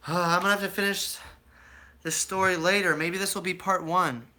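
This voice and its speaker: With a high-pitched voice at a moderate pace, a young man from the US casually spins a rambling tale of his life for a live chat. He brings it to life by doing the voices of the people in it.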